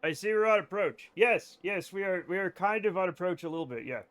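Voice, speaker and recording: A man with a bright, somewhat high voice chats casually through a live game stream. He rambles from topic to topic, addresses his chat directly and swears without fuss. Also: animated, a little fast. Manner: rambling, chatty, swears freely, talks to chat.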